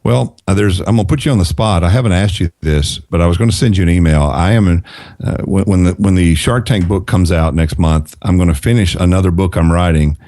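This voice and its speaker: A middle-aged man with a very deep voice talks as a podcast guest. He gives earnest advice and repeats phrases for emphasis. His tone is dark and mellow, and the sound is dry. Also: fairly quick, no room sound. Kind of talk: casual podcast conversation.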